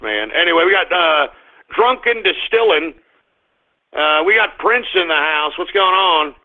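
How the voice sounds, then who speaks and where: Exasperated man, tinny. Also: fairly high pitch. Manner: exasperated, griping, blustery. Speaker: radio show host. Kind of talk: live call-in radio rant. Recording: tinny phone-like sound.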